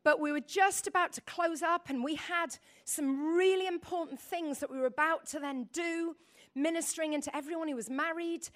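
A woman's voice: high-pitched, fairly even intonation, moderate pace. A middle-aged woman preaching a sermon, telling a personal story in a rambling, emotional way and calling on the congregation to repeat words.

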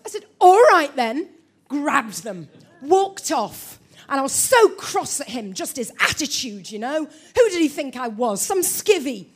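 Woman preacher, very high voice, lively storytelling sermon, engages the congregation. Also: normal speed, hardly any pauses. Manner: storytelling, animated, calls out to congregation.

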